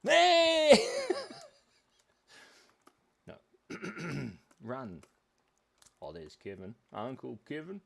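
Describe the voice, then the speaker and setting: A young man hosts a children's drawing livestream with a goofy, chatty delivery. His pitch bounces all over the place as he jokes with his viewers while he sketches. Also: wildly swooping pitch, slow pace, creaky, pauses often, slightly rough. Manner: silly, giggly, chatty, addresses viewers. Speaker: kids' drawing livestream host. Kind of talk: playful live drawing chat.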